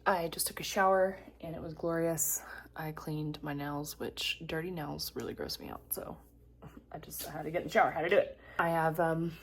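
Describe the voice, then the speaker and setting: A woman hiker chatting casually to her phone camera, gushing and often dropping into a hushed half-whisper. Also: low-pitched, normal speed, slight background noise. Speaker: long-distance hiker vlogging. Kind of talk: casual vlog chat.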